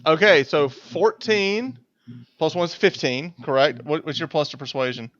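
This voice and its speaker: A man's voice: on the high side, normal speed, a bit bright. A man running a tabletop game as game master, talking casually with many fillers and repeated words. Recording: dull lo-fi audio, dry.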